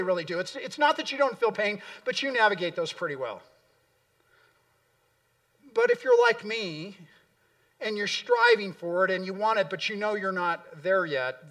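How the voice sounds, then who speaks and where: A man's voice: high-pitched, a bit bright, recorded from a distance. A middle-aged man preaching a sermon in a church, earnest and emphatic, often repeating words for weight. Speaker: pastor. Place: church sanctuary.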